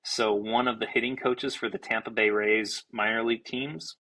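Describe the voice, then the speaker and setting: A young man, a baseball pitcher and podcast guest, telling a story in an animated, casual way, swearing freely and restarting his sentences. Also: normal speed, poor audio. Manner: animated, self-described fiery, swears freely, many restarts.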